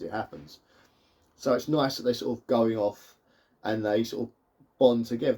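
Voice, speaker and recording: A man's voice: medium pitch, warm tone, breathy edge. A man casually recapping a film plot in a chatty, rambling way with many fillers and restarts. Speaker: film reviewer.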